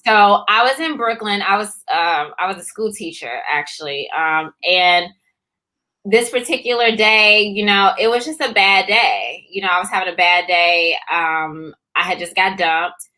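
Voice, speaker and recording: Animated storytelling woman, bright voice. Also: mid-range voice, measured pace, rough recording. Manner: animated, acts out voices, many fillers. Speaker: co-author and co-host. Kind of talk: casual storytelling chat.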